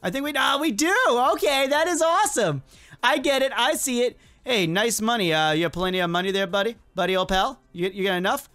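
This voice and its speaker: Excitable, chatty gaming host. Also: medium pitch, fairly quick. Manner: excitable, chatty, repeats phrases. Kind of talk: let's play commentary.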